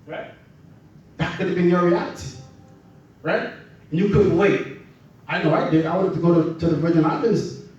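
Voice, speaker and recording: A man's voice: sits high, moderate pace, pauses often, a little mellow, heavy reverb, distant mic, dull audio, faint music behind. A man from the Bahamas, preaching a sermon in a conversational way and often asking "right?".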